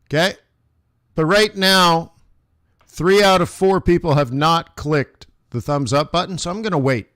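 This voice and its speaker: Man in his forties, live market commentary, slightly high voice, dry close sound, chatty and emphatic. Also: measured pace, fairly bright tone, dry recording. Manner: chatty and emphatic, addressing viewers directly. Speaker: forex trader hosting a live trading stream.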